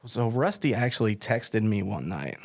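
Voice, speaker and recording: A man's voice: fairly low pitch, very animated, moderate pace, vocal fry, a little mellow. A middle-aged man hosting an interview, chatting casually and telling stories with lots of fillers and restarts. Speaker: podcast host.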